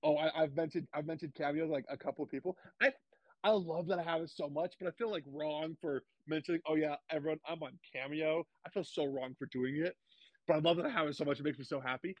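A man's voice: on the high side, quick pace, no echo, lo-fi sound. A young man as an interview guest, talking eagerly and gushingly, repeating himself with lots of restarts. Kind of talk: casual interview chat.

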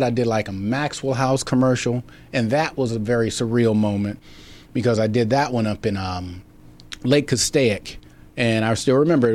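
A man's voice: medium pitch, a little mellow. A man being interviewed about his acting career, telling stories in a rambling way with many restarts and fillers. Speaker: actor guest. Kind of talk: casual interview storytelling.

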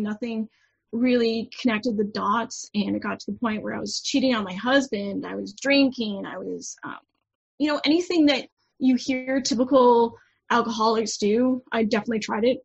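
A woman in her thirties telling her personal story frankly as a podcast guest, halting with many fillers. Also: mid-range voice, gravelly, breathy edge. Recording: dull lo-fi audio.

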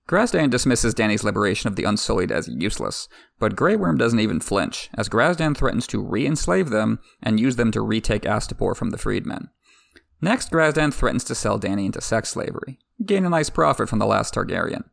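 Casting: sarcastic male book recapper, very gravelly, lively pitch, dry close sound. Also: a little fast, no echo. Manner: wry, irreverent, swears casually.

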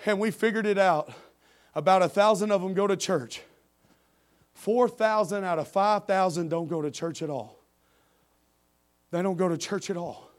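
Male pastor, high voice, impassioned sermon delivery with repeated emphatic phrases, loud then hushed. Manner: impassioned, swinging from loud emphatic preaching to quiet confiding. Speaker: preacher and youth pastor.

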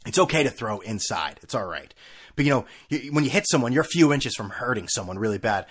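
A man's voice: medium pitch, big pitch swings, fast talker, husky. A man in his thirties hosting a casual sports talk show, ranting with sarcasm and profanity.

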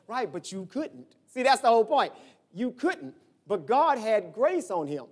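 A man preaching a sermon as pastor, telling stories and acting out the voices in them, swinging from shouts to low asides. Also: big pitch swings, brisk.

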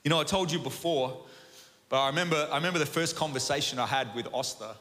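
Animated Australian pastor in a reverberant hall. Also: male voice, fairly high pitch, fast. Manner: animated, chatty, asks "right?" often. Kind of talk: sermon with personal story. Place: church auditorium.

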